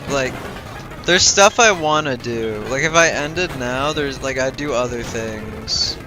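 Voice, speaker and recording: Young male streamer, sleepy, rambling chat full of fillers, mid-pitched, game music loud behind. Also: measured pace. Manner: rambling, thinking aloud with many fillers. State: tired and yawning. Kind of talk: casual gameplay livestream chat.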